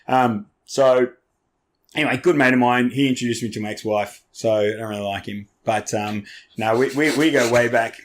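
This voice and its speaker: A man's voice: medium pitch, fairly even intonation, normal speed. Rambling Australian man, casual guest. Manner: loose, rambling, sweary with frequent restarts. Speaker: podcast guest. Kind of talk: casual storytelling chat.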